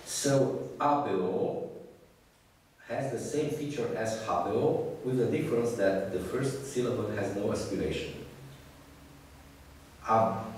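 A man giving an academic lecture, speaking haltingly with many fillers and restarts. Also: fairly low pitch. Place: lecture room. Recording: distant echoey hall recording with hiss.

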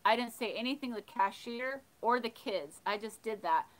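A woman hosting a livestream, casually telling funny stories and reading chat, animated and laughing. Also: on the high side, moderate pace, rough recording. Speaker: livestream host of a thrifting channel. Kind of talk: casual storytelling while reading live chat.

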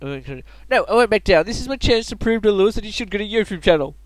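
A man doing an eager young hero, higher voice. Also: fast, no echo. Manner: excited, defiant. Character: eager young male hero, brash and cheeky.

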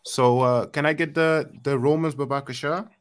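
A man's voice: on the high side, fairly even intonation, moderate pace, clean tone. Laid-back man leading scripture study. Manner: laid-back, calls for verses, says "you know, man". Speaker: leader of the scripture study session. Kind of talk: casual religious discussion.

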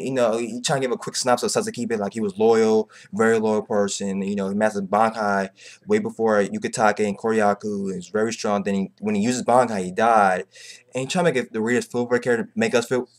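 A man chatting casually in a rambling, profane way, repeating filler phrases and jumping up in pitch when exasperated. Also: fast. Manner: rambling, profane, repeats phrases like "bro" and "you know what I'm saying"; animated, pitch jumps high when exasperated. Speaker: manga commentator. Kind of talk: casual chat.

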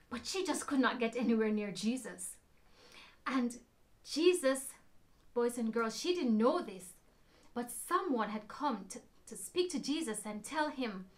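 A woman telling a Bible story to children, expressive, shifting between loud emphasis and hushed whispers. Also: a little high.

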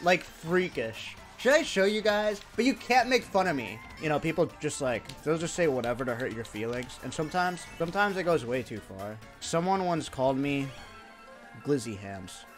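Young guy from india streaming, high voice that swings all over, jokey and sweary. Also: normal speed, hardly any pauses, faint music behind. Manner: animated, excitable, swears, jokes with chat. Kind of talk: casual livestream chat.

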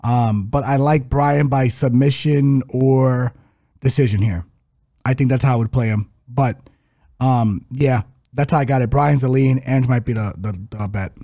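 Mellow, laid-back podcast co-host man. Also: mid-range voice, fairly even intonation, unhurried, dry recording, studio quality. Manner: laid-back, blunt, hesitant with fillers. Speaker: podcast co-host, fight betting analyst. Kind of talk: casual sports betting chat.

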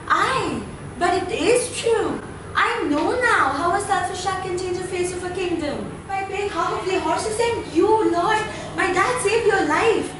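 A teenage girl performing a stage scene, speaking haltingly. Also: very high voice, noisy background. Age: teens. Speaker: drama student. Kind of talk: stage acting with singing. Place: school hall. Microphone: far camera. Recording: very echoey hall, far from mic, music behind.

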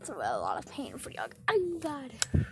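A woman's voice: high voice, huge pitch swings, normal speed, heavy background noise. A young woman vlogging at home in her bedroom, playful, dropping to whispers and breaking into squeals. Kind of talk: casual vlog, spying on her cat.

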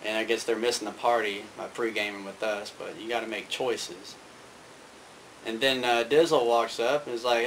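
A man's voice: lowish voice, fairly even intonation, normal speed, fairly bright tone, a little hiss or hum, rough recording. Rambling man telling a story. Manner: rambling, with fillers and restarts. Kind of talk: casual spoken anecdote.

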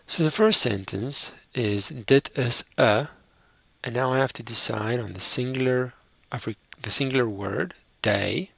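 Male language tutor, husky and unhurried, dry close-mic sound. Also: mid-range voice, fairly bright tone, no echo. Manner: slow and deliberate, repeating each word. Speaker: language teacher. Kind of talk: slow recorded language lesson.

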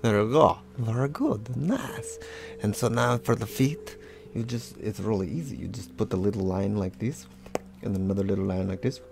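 A man's voice: fairly low pitch, normal speed, vocal fry, over music. A man leading a casual draw-along lesson, talking as he draws, playful and rambling with self-mocking asides. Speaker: drawing instructor.

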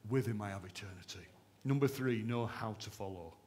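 A man preaching a sermon at a church service, impassioned and emphatic, swinging between raised fervent lines and hushed ones. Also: on the low side, brisk. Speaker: pastor.

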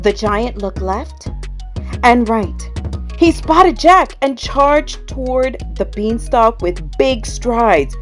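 A woman reading a children's bedtime story aloud in an expressive, dramatic way with pauses. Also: a little high. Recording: soft music underneath.

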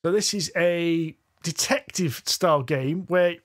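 Man, podcast co-host, a little higher voice, rambling casual chat. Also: unhurried. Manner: rambling, self-correcting, goes off on tangents. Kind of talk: casual chat about tabletop games. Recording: podcast audio.

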